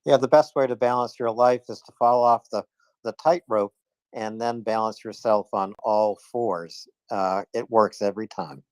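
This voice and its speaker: A man hosting a live audio chat, pausing often with "uh" and making dry jokes. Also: mid-range voice, steady tone, darkish tone, clear, resonant tone, dry recording. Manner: hesitant with many uhs, dry jokes. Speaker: host. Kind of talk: casual chat.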